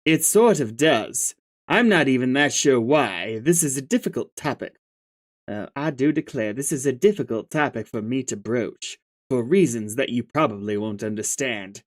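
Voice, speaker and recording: A reader voicing a prim, formal young female troll who speaks in a measured, genteel way. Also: mid-range voice, lively intonation, voice pushed down, lightly acted. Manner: measured, genteel, says "I do declare".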